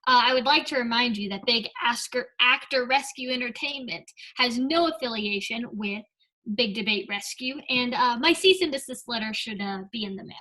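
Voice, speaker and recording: A young woman with a fairly high, bright, forceful voice gives an upbeat speech and debate lesson at normal speed, adding comic asides. She often checks in with "right?" and "okay?", and the recording quality is low.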